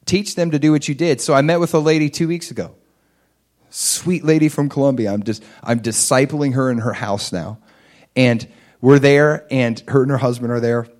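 Male pastor, mid pitch, conversational sermon delivery, asks listeners "right?", bursts of emphasis. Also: steady tone, normal speed, darkish tone. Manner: conversational, rising to emphatic peaks; asks the audience for agreement. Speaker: preacher.

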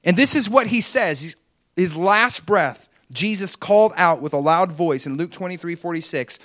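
A man's voice: high voice, lively intonation, moderate pace, a bit bright, no echo, studio quality. A man preaching an earnest, conversational sermon, retelling a story and acting out the quotes.

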